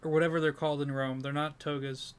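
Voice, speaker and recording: A man's voice: a little high, level tone, quick pace, clear, resonant tone. A man co-hosting a casual comedy podcast, rambling and self-deprecating, sleep-deprived and breaking into laughter. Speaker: podcast co-host.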